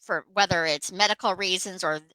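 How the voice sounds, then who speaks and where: Low bright-voiced woman host. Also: steady tone, brisk, no echo, low-quality recording. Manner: rambling storyteller with many fillers. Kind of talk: casual chat.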